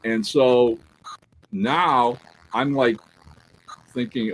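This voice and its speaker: Male podcast co-host, mid-range voice, animated storyteller, casual chat. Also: mid-range voice, unhurried, a little hiss or hum, poor audio. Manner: animated storyteller who acts out quoted dialogue; peppers talk with "right?" and "all right?".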